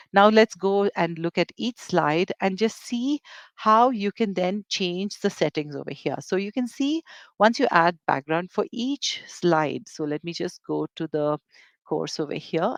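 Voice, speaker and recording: An eLearning presenter giving a software demo webinar, talking in a hesitant way with many fillers and restarts. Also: medium pitch, creaky, no echo.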